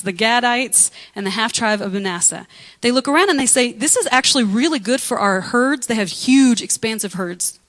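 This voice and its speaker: A woman pastor preaching a lively, conversational sermon, acting out biblical figures with humor. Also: mid-range voice, rough recording.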